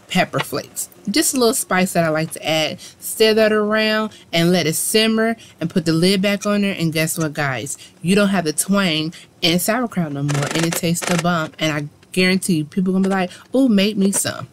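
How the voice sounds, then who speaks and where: Low-voiced woman hosting a cooking video. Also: normal speed. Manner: chatty and encouraging, talks viewers through steps. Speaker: cooking channel host. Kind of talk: casual cooking demonstration. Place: home kitchen, food frying in pan.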